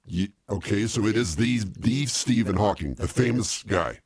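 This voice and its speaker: A man's voice: fairly low pitch, normal speed, creaky, darkish tone, breathy edge. A man co-hosting a comedy podcast, laughing often and trying to keep the talk on track. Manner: laughing, placating. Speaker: co-host. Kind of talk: casual comedy podcast banter.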